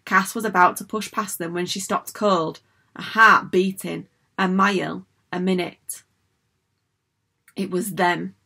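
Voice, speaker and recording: A woman narrating a children's storybook in an even, measured reading. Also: fairly low pitch, vocal fry, breathy edge. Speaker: audiobook narrator.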